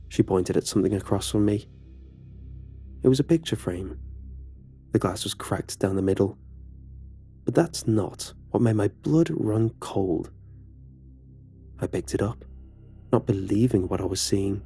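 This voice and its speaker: A man's voice: on the low side, animated, normal speed, pauses often, warm tone, breathy edge, faint music behind. A man narrating a horror story in a casual, conversational way.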